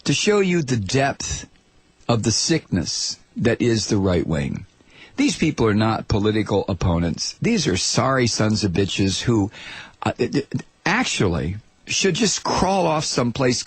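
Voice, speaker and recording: A man hosting a political talk radio show, ranting in a sarcastic, mocking monologue that swings from loud outrage to low muttering. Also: big pitch swings, a little slow, slightly rough, no room sound.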